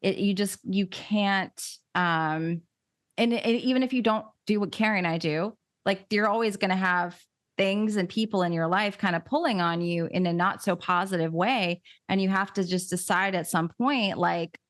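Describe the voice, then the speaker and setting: A woman's voice: medium pitch, moderate pace, no echo, studio quality. A woman hosting a podcast in casual chat, chatty and laughing easily. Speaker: podcast host.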